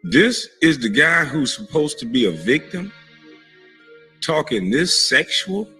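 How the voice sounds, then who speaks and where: A man's voice: a little high, big pitch swings, slow pace, bright, forceful tone, soft background music. A man talking in a mocking, exasperated way in a casual livestream clip.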